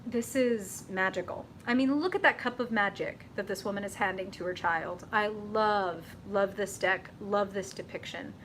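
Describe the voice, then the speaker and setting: Excitable woman doing live tarot readings, talks bright and tense, faint rumble in the background. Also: normal speed, hardly any pauses. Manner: chatty, excitable, lots of "like" and laughs, reads chat aloud. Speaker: tarot reader and live-stream host.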